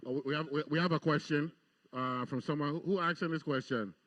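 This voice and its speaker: Chatty talk show host, slightly high voice. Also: male voice, steady tone, fast talker, a bit bright, highs cut off. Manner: chatty, stumbling restarts. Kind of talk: live radio talk show hosting. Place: outdoor deck at a live broadcast.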